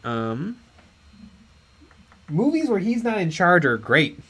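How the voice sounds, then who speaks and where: A man's voice: high voice, sing-song, takes it slowly, fairly bright tone, slight background noise. A man co-hosting a late-night painting stream, chatting casually and telling rambling stories. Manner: rambling storyteller, acts out voices. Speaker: stream co-host. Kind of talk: casual chat while painting miniatures.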